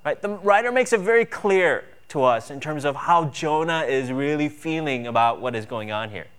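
A man's voice: a little high, expressive, normal speed, a bit bright, clean tone. A man preaching a sermon earnestly, with emphatic build-ups on key points. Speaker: pastor.

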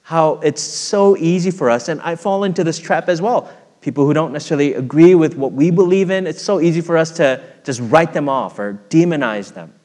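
A middle-aged man preaching a sermon in an earnest, storytelling way, swelling louder when stirred and dropping soft when reflective. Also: a little high, a little fast. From United States. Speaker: pastor. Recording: long hall reverb.

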